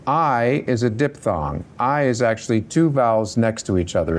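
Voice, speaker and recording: A middle-aged man who teaches acting, talking through a workshop Q&A in an animated, conversational way and swearing casually. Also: medium pitch, normal speed, few pauses, slight background noise. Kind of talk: workshop Q&A talk.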